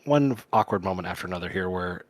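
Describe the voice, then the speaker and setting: A man co-hosting a podcast, giving measured, critical commentary in casual chat. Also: sits low, expressive, no echo. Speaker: podcast co-host.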